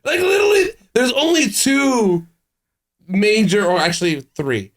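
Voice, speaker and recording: High-voiced, laughing guy. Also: animated, unhurried. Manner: laughing, joking and chiming in often. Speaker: podcast co-host. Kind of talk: casual podcast banter.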